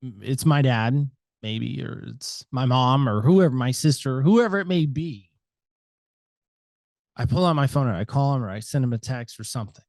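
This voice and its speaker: An American man appears as a podcast guest, speaking reflectively and at length in a mid-range voice at a moderate pace. He's talkative, and his loudness shifts a lot as he gives thoughtful interview talk. The recording is dry.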